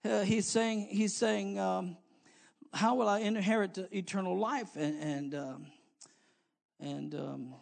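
High-voiced preacher, swinging loud and soft. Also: male voice, fairly even intonation, takes it slowly, creaky. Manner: swings from quiet low asides to loud rising exhortation; calls on the congregation, with many fillers and restarts. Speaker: pastor. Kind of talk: sermon.

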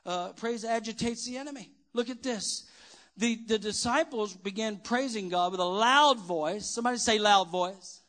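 High-voiced man preaching a sermon. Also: moderate pace. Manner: preaching with call-and-response questions, swinging from quiet to shouting. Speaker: pastor. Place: church.

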